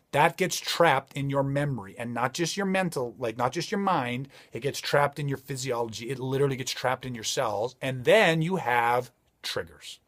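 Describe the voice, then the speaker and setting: A man giving a motivational safety talk, emphatic and driving his points home with repeated rhetorical questions. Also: on the high side. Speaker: safety trainer.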